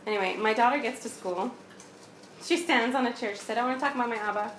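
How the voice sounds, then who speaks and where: A woman's voice: a little high, fast, fairly bright tone, a little hiss or hum. A woman in her thirties telling a personal story in a candid, conversational way, acting out the dialogue as she goes. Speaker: guest sharing a personal story. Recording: roomy echo.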